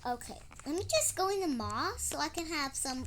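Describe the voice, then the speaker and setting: A woman's voice: high voice, animated, fairly quick, few pauses, noisy background. A young girl narrating her own role-play game in a casual, dramatic, giggly way and talking to an in-game duck. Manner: dramatic, giggly, easily startled.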